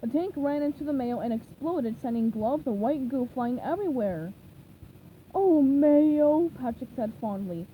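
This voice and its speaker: A woman reads a children's novelization aloud at a slow, measured pace. Her voice is high and lively yet mellow in tone. A faint background noise runs beneath. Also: narrow, tinny audio. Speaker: reader.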